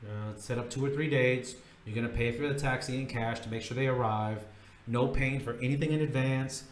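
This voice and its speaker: A man's voice: mid-range voice, steady tone, brisk, reverberant, distant mic, slight background noise, poor audio. A man giving blunt, emphatic, profane dating advice in a casual monologue, repeating his points. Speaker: dating-tips vlogger.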